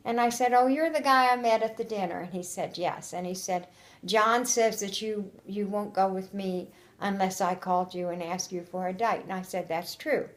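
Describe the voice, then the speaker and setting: A woman's voice: mid-range voice, fairly even intonation, moderate pace. An older woman telling an oral history story in a chatty, rambling way, quoting old conversations and often laughing. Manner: chatty, rambling with restarts and quoted dialogue. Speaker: interviewee.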